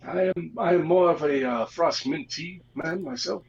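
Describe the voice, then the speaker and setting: A man's voice: on the high side, normal speed, creaky, lo-fi sound. A man playing at a tabletop game who cracks teasing jokes. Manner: jokey, teasing. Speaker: player.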